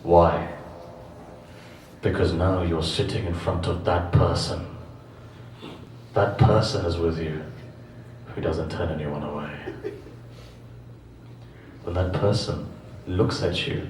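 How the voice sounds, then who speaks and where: A man's voice: low-pitched, fairly even intonation, slow pace, long pauses, a little mellow, a little hiss or hum. Impassioned man preaching in an echoey hall. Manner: impassioned storytelling with rhetorical questions and repetition. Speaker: preacher at a mourning gathering. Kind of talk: sermon. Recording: echoey distant hall recording.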